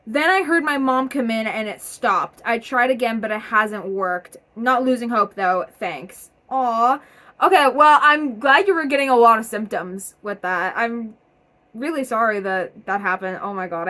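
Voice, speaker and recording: A young woman vlogger reading viewers' submitted stories aloud in a casual, chatty way, energetic and full of fillers. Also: fairly high pitch.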